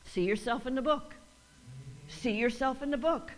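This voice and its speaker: In a high voice at normal speed, a woman pastor preaches, using call-and-response and rising to repeated, emphatic lines. She also performs quoted voices while laughing.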